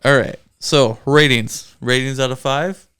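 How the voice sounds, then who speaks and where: A man's voice: medium pitch, steady tone, unhurried, fairly bright tone, clean tone. A man co-hosting a casual movie review chat, laughing easily as he talks. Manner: chatty, laughs often. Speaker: podcast co-host.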